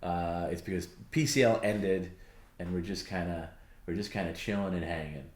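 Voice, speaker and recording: A man's voice: low voice, moderate pace, reverberant. A man co-hosting a casual livestream, reading viewer comments aloud in a loose, rambling way. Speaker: stream co-host.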